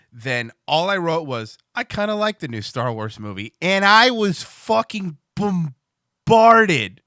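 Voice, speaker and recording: Animated, bright-voiced male streamer. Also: mid-range voice, no room sound, studio quality. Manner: rambling, profane, restarts a lot. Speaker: livestream show host. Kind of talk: casual livestream chat.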